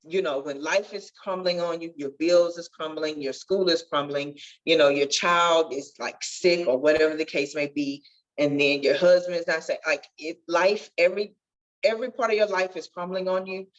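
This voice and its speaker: A woman's voice: lowish voice, steady tone, normal speed, dull audio. A woman guest telling her life story in an earnest, testifying way that swells with feeling. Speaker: podcast guest, nurse. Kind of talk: emotional storytelling interview.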